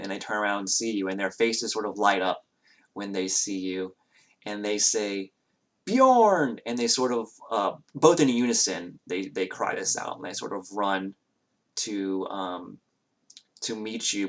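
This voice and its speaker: Man gm narrating a tabletop game, lowish voice, lots of ums. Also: a bit bright. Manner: hesitant, many fillers and restarts. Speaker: game master.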